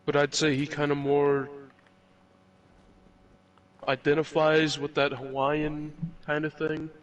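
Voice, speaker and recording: A man in casual chat, calm and matter-of-fact, offering facts. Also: a little high, slow, lo-fi sound.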